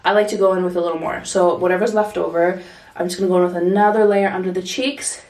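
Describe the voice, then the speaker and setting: A woman's voice: lowish voice, fairly even intonation, fast talker, darkish tone. Chatty woman in an echoey room. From Toronto, Canada. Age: 30s. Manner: chatty, direct, instructive. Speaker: vlogger. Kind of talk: casual makeup tutorial. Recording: echoey room, distant mic.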